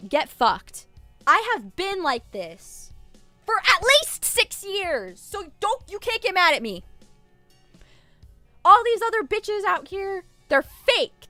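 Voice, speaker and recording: A woman's voice: very high-pitched, pushed and bright, no room sound. A woman streamer rambling in casual live-stream chat, irreverent and swearing freely.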